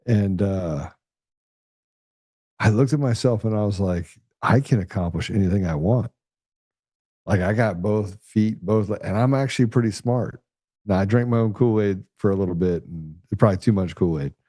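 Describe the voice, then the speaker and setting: Low, mellow-voiced male podcast host. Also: normal speed, dry recording, clean studio sound. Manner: blunt, swears casually, acts out quoted voices. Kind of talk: casual conversational storytelling.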